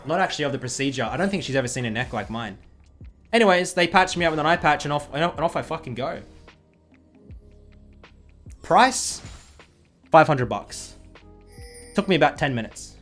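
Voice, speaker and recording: A man's voice: on the high side, normal speed, pauses often, faint music behind. A young man, telling a story to his stream in casual, swearing chat. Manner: swears a lot, animated retelling.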